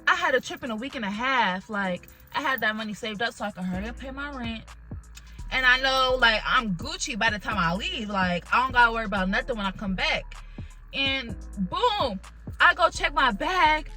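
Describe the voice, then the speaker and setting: A young adult woman vlogger excitedly telling a personal story in casual chat, swearing now and then. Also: on the high side, normal speed, faint music behind, poor audio. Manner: animated, emotional retelling with swearing.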